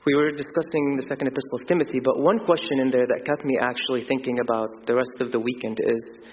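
A man's voice: mid-range voice, steady tone, quick pace, slight background noise. Man, sermon, earnest, long church reverb, dull muffled sound. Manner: earnest, with spoken fillers and restarts. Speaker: preacher.

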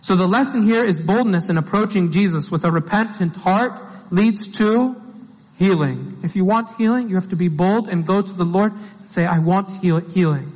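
A man with a high voice preaches an informal sermon, earnest and steady as he puts question after question to his listeners. His voice rings out with a long hall reverb behind every phrase. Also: moderate pace.

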